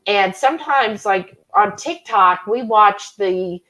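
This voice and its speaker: A woman's voice: medium pitch, slow, pushed and bright, poor audio. A woman hosting a cooking live stream, chatting casually and reading viewer comments aloud. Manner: chatty, rambling, reads chat comments aloud. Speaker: cooking channel host.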